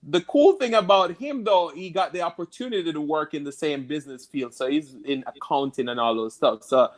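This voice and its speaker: A man from Jamaica with a Jamaican accent, telling stories in a relaxed interview chat and laughing easily. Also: fairly high pitch, a little fast. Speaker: guest.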